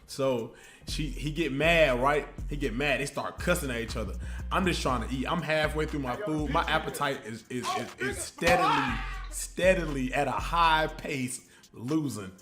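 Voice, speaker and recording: A man tells a story on his livestream in a loose, slangy, animated way and keeps looping back with asides. His voice sits a little high, and quiet music runs under him. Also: normal speed. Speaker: streamer telling a story.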